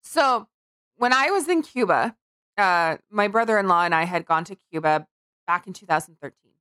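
A woman co-hosting a comedy podcast who tells stories in an animated way and laughs often. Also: mid-range voice, moderate pace, smooth, dry recording, studio quality. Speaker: podcast co-host. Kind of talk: casual comedic chat.

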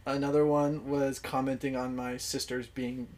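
A man's voice: medium pitch, flat delivery, moderate pace, darkish tone. A young man as a podcast guest, chatting casually, laughing easily and explaining things with lots of fillers. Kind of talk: casual chat.

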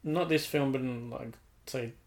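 A man with a middle-pitched voice chats about films and cameras. He is laid-back and loose, filling his talk with "like" and self-corrections. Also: moderate pace, vocal fry. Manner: laid-back, lots of "like" and restarts. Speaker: indie filmmaker. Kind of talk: casual chat.

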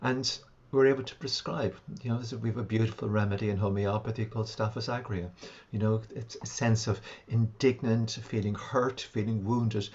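A man, a homeopath and shamanic practitioner, calmly recounting a client's sessions in an interview. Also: lowish voice, a little fast, highs cut off. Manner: calm, reflective, recounts sessions at length. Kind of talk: interview storytelling.

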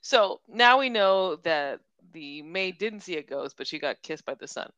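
A woman's voice: lowish voice, expressive, unhurried, fairly bright tone, no room sound, dull audio. A young adult woman co-hosting a casual book chat, retelling scenes and giggling. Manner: chatty, retells scenes with quoted voices, giggles. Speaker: podcast co-host.

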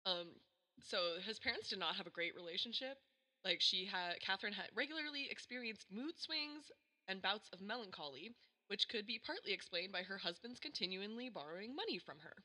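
A young woman with a very bright, clear-toned voice chats through a history story for a podcast. She jokes as she goes, breaks into giggles often and fills the gaps with "like" and "um.". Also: mid-range voice, animated, a little fast. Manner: giggly and joking, lots of fillers. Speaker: podcast host. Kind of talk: casual history chat.

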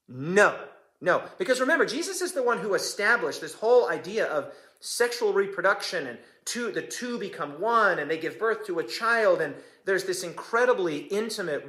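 A man's voice: high-pitched, animated, moderate pace, hardly any pauses, fairly bright tone. A man in his forties preaching a sermon as pastor, impassioned and emphatic, repeating phrases for effect.

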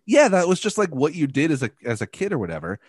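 A man's voice: on the high side, big pitch swings, fast talker, breathy edge, dry recording, studio quality. A man hosting a casual chat, rambling and swearing freely. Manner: profane, rambling.

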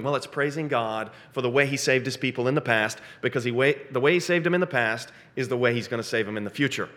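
A man's voice: on the high side, a bit bright. Earnest man preaching verse by verse. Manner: earnest, asks rhetorical questions, slows to stress key phrases. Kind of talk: expository sermon.

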